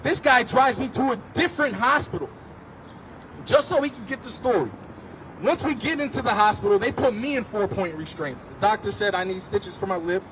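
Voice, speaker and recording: A man with a notably high voice gives impassioned personal testimony outdoors on a city street, telling his story vividly and pressing each point with emphasis. Faint traffic hum sits underneath. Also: expressive, fairly quick, fairly bright tone. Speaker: speaker at a street march.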